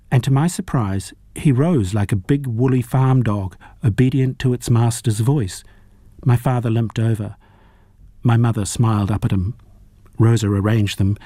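A man narrating a novel as an audiobook reader, in a measured, even storytelling manner. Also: fairly low pitch, dry recording. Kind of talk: audiobook reading.

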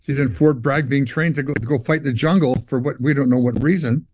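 With a mid-range voice and a slightly fast delivery, an older Canadian musician tells long stories as an interview guest. He's an animated storyteller who performs the dialogue and makes guitar noises himself.

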